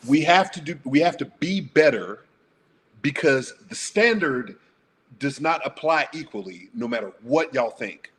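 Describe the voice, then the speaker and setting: A man's voice: medium pitch, expressive, a little slow, fairly bright tone, a little hiss or hum. A blunt, profane man speaking emphatically as a guest on a casual panel talk show.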